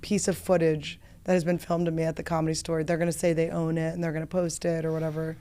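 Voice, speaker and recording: A woman's voice: low-pitched, little pitch movement, quick pace, warm tone. A woman hosting a podcast in a studio, rambling through self-mocking comic stories in casual chat. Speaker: podcast host.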